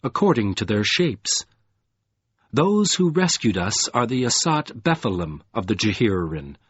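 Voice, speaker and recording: A man voicing a careful, solemn male giant in an audiobook, measured and even. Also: lowish voice, slightly rough, dry recording, muffled recording, exaggerated voice. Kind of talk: audiobook character voice.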